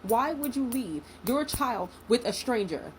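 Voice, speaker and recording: A young woman in a casual storytime vlog, animated and indignant, acting out what people said. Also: on the high side, unhurried, slight background noise, low-quality recording. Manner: animated, indignant, acts out quotes.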